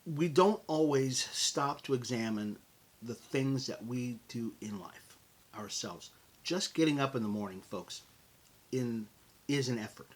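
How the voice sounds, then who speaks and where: Brief: middle-aged American man, podcast host, husky and breathy tone, lively motivational talk aimed straight at the listener. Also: medium pitch, unhurried. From United States. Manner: animated and conversational, addresses listeners as folks.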